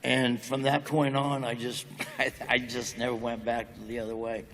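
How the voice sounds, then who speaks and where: A man's voice: mid-range voice, little pitch movement, moderate pace, fairly bright tone, big-room sound, poor audio. A middle-aged man with a Southern American accent, telling stories as a guest in a casual stage interview before a live audience. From Nebraska, United States. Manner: joking, drawling storyteller.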